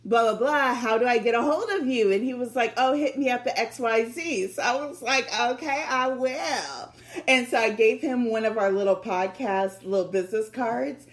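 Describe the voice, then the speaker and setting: A woman's voice: fairly high pitch, moderate pace, few pauses. A woman podcast co-host in casual chat, telling stories with lots of acted-out quotes and frequent laughter. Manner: animated storytelling, acting out quotes, laughing often. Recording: echoey room.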